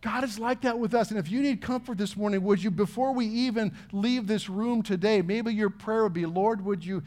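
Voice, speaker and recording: A middle-aged man preaches with a notably high-pitched voice. His sermon is earnest and conversational, full of questions put to the congregation. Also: normal speed, hardly any pauses, darkish tone. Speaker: pastor.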